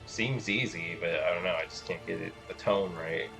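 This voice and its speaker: A male streamer with a very deep voice reads game dialogue aloud, plain and a little hesitant, now and then poking fun at himself. Faint game music runs behind. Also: moderate pace, gravelly, poor audio. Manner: plain, hesitant and self-deprecating.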